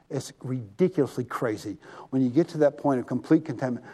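A male pastor preaching a sermon, animated and drawing the congregation to answer back. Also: medium pitch, fast talker.

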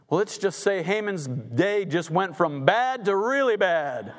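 A man's voice: sits high, very animated, a little slow, few pauses. A man telling a Bible story as a preacher, dramatic and conversational, acting out the characters. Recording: long hall reverb.

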